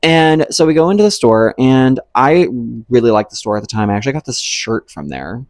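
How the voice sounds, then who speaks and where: A man's voice: medium pitch, animated, brisk, no echo. A young adult man vlogging a casual storytime, rambling and profane, full of "like" and "um".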